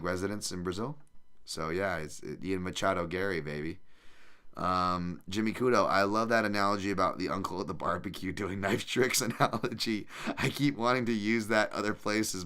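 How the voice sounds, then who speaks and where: A man with a low, deep voice hosts a podcast and talks through viewer questions. His tone is clear and smooth, and he rambles loosely, circling back with plenty of fillers. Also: a bit bright. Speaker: podcast host. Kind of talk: casual chat answering live chat questions.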